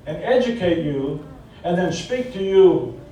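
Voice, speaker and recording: A Southern US preacher, a man with a slightly high but mellow voice, delivers a folksy, emphatic sermon with joking asides. He is picked up from a distance, so his words ring through a very echoey church hall. A faint rumble sits underneath. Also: animated, unhurried. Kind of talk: conversational sermon.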